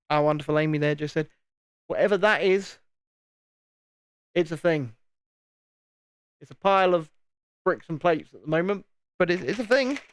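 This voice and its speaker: Chatting casually as they build on a live stream, this host speaks with a Southern English home counties accent, being from that part of England. Their mid-range voice is clear and resonant, with no room sound, and they tend to repeat words.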